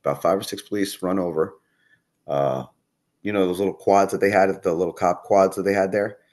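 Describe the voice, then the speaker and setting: A man's voice: low voice, steady tone, a little fast, darkish tone. A man chatting casually as a podcast guest, telling a rambling story and swearing often. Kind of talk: casual chat.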